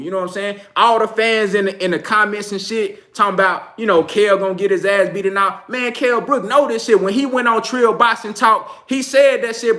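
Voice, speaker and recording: Bright high-voiced Texan man, slangy. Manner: loose, slangy, laughs often. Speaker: boxing channel host. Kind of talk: casual livestream commentary.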